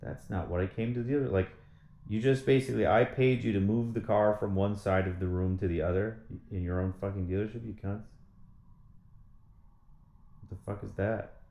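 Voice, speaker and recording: A man's voice: fairly low pitch, steady tone, moderate pace, creaky, warm tone, reverberant. A man talking in a casual monologue, rambling and swearing as he rants in frustration. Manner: rambling, profane, frustrated ranting. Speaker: vlogger.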